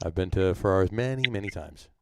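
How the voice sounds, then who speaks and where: A man's voice: sits low, fast talker, a little mellow, slight background noise. A man hosting a casual chat show, joking around and rambling with plenty of fillers. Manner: jokey, rambling with many fillers. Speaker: podcast host.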